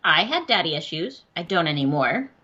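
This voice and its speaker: Bright giggly woman, casual podcast chat. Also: fairly low pitch, big pitch swings, moderate pace, husky, lo-fi sound. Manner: giggly, swears freely, acts out quotes. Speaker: podcast co-host.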